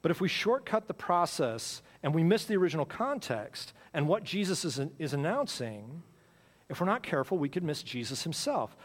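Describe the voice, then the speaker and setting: A male pastor delivers a sermon with a somewhat high voice, which rings out with a long reverb in a church sanctuary. He keeps the tone conversational and repeats his key phrases for emphasis. His volume swings from loud bursts to near-murmurs.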